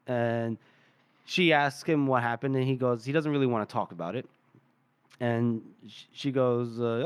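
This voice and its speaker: A man's voice: medium pitch, moderate pace, clean tone, dry recording. A man hosting a podcast, loosely retelling a chapter with fillers and laughs. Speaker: podcast host. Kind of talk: casual chapter recap.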